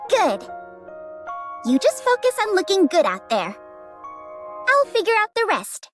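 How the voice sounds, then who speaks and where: Super high, bouncy voiced firecracker of a girl manager, bossy and loud, music under the game scene. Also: wildly swooping pitch, measured pace, heavily acted. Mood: determined. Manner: indignant, insistent, bossy. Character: fiery young woman manager, pushy and loud. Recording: game dialogue over music.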